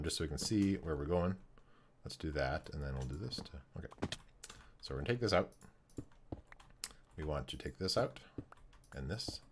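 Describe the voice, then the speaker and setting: A man streaming a building game, thinking aloud in a casual, halting way with many pauses. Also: a bass voice, slight background noise. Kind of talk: casual live-stream commentary while building.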